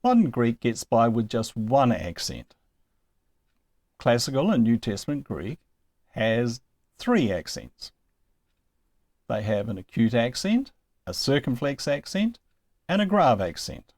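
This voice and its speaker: A man's voice: mid-range voice, sing-song, a little slow, long pauses, a little mellow, no echo. A man giving a recorded lesson on Greek pronunciation, explaining patiently and carefully and chuckling now and then. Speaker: Greek teacher.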